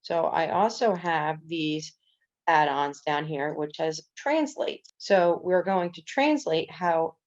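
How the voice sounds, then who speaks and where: A woman's voice: sits low, animated, takes it slowly, a little mellow. A woman coding instructor walking through a screen-recorded coding tutorial step by step, with casual fillers. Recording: dull lo-fi recording.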